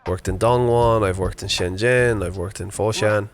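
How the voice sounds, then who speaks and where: Out on a morning walk with his dog, a thirtysomething male vlogger rambles casually through an unscripted video, leaning on fillers as he chats. He sounds on the low side and steady, talking at a moderate pace.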